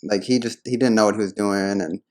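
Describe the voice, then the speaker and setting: A man's voice: lowish voice, fairly even intonation, a little fast, a little mellow. A man telling a story in casual podcast chat, hesitant and full of fillers.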